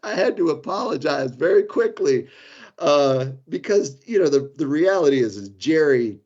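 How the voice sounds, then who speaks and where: A man's voice: a little high, lively intonation, normal speed, a little mellow. A man in his fifties from the Florida Keys, a guest in a casual podcast interview. He rambles through self-deprecating stories and chuckles as he goes. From Florida Keys, United States. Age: 50s. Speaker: guest, safety consultant. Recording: dull lo-fi sound.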